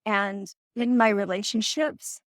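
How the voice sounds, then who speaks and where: A woman's voice: medium pitch, fairly even intonation, slow pace, no echo, clean studio sound. A middle-aged woman hosting a live self-help talk, earnest and coaching, acting out example conversations in her own voice. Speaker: host.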